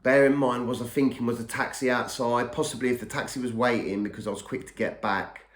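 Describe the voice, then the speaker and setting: A man's voice: mid-range voice, fairly even intonation, fairly quick. A middle-aged man telling his own story in a casual, rambling way, often repeating and restarting words. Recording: echoey room.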